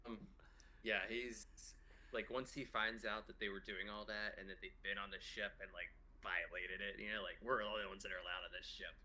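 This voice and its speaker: A man's voice: lowish voice, level tone, brisk, sharp tone, slight background noise, poor audio. A man playing in a tabletop role-playing game, describing what his character does in a rambling way full of fillers. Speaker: player.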